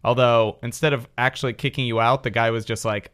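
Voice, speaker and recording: A man's voice: mid-range voice, fairly even intonation, fairly quick, hardly any pauses, a bit bright, clean tone. A man hosting a podcast, chatting jokingly and then reading facts aloud in long runs. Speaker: podcast host. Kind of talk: casual chat with read-aloud facts.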